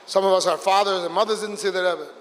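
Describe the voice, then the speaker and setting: A man, a rabbi, telling a story at a Hasidic gathering, lively and acting out the people in it. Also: sits high, quick pace. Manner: animated, voices characters in the story. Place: large hall with a gathered audience. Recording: long hall reverb.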